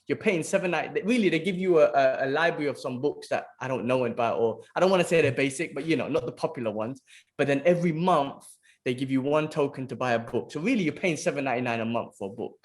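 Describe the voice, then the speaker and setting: A man, co-hosting a podcast in casual chat, telling stories animatedly and swearing freely. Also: mid-range voice. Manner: animated storyteller, swears casually, says "bro" a lot. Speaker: podcast co-host.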